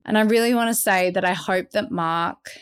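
Woman, podcast co-host, chatty storytelling, middle pitch. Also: moderate pace, smooth. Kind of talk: casual conversational interview.

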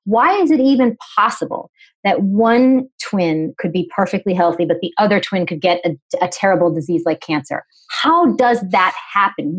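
A woman in her forties from New England, a nutritionist telling her story as a podcast guest, articulate and animated, acting out the dialogue. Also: mid-range voice, low-quality recording. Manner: articulate, explanatory. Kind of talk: conversational storytelling interview.

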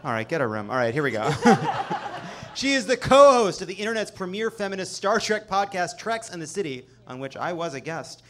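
A man's voice: high voice, sing-song, brisk, fairly bright tone. A man hosting a live comedy show on stage, delivering a sarcastic news monologue and swearing for emphasis. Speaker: host.

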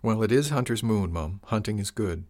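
A man's voice: lowish voice, animated, normal speed, a little mellow, no echo, clean studio sound, close to an everyday voice. A man voicing a polite, caring young village hunter who speaks respectfully and earnestly.

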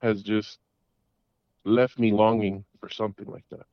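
A man's voice: lowish voice, little pitch movement, a little slow, no echo. Rambling man on lo-fi audio. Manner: rambling, with many restarts and repeated words. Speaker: caller. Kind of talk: casual storytelling. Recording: dull lo-fi audio.

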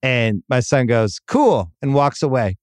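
A man's voice: mid-range voice, moderate pace, clear, resonant tone, no room sound, clean studio sound. A middle-aged man hosting a podcast, telling a wry, self-mocking family story in casual chat. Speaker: podcast host.

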